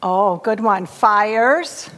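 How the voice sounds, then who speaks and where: A woman leading a children's story time in church, reading aloud in a bright, animated way while sitting on the steps. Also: medium pitch, very slow. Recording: long church hall reverb.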